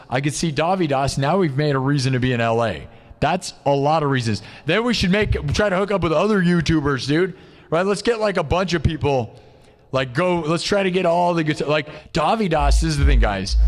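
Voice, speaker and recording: A man hosting a live stream, rambling excitably in casual chat and saying "dude" constantly. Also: fairly high pitch. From United States. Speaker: live-streaming musician and host. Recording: long reverb.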